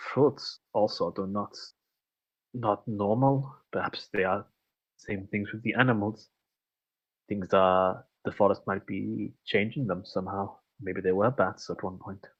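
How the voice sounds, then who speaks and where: A man voicing a formal-spoken fantasy adventurer in a put-on French-sounding accent, slow and halting. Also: lowish voice, breathy edge, lo-fi sound, voice pushed down, full character voice. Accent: unintended French-sounding put-on accent. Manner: slow, halting, formal speech without contractions.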